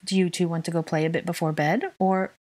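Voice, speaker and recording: A woman voicing a brisk, caring young mother in a storybook reading. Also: lowish voice, flat delivery, a little mellow, close to an everyday voice. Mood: cheerful.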